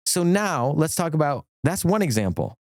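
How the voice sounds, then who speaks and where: A middle-aged man, an attorney, chatting as a podcast guest, enthusiastic and rambling with quick restarts. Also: fairly high pitch, big pitch swings, darkish tone, no echo, studio quality. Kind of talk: casual podcast conversation.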